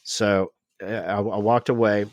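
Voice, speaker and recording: A man telling a story on a podcast, animated and acting out the dialogue of the people in it. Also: on the low side, unhurried, no room sound, studio quality. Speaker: podcast guest. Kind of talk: casual storytelling.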